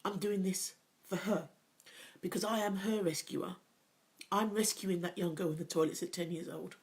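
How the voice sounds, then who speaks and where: A woman's voice: fairly low pitch, fairly even intonation, normal speed. A middle-aged woman hosting a motivational talk, earnest and emotional, pressing her points by repeating them. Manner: earnest, emphatic, repeats key phrases; openly emotional, personal. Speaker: host, confidence coach.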